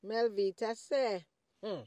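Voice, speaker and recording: A woman voicing a sharp-tongued older Jamaican mother who scolds and teases her grown daughter in a comedy skit. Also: mid-range voice, takes it slowly, loud music behind the voice, natural voice. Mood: mocking scolding. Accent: Jamaican patois. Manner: teasing, scolding, big swoops and cackles.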